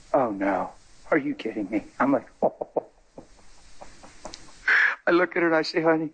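A man's voice: mid-range voice, fairly bright tone, slightly rough. A man preaching a sermon, telling stories animatedly and acting out the people in them. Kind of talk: sermon with storytelling.

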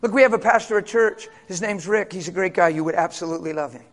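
A man's voice: high voice, fast talker, fairly bright tone. A male pastor giving a passionate, conversational sermon with casual asides.

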